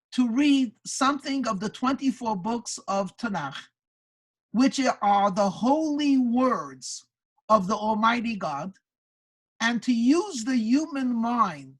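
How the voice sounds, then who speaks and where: Husky-voiced woman telling a pious tale. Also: fairly high pitch, poor audio. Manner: earnest, reflective, frequent stammered restarts. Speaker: speaker at a religious gathering. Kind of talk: storytelling and spiritual reflection. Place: synagogue community gathering.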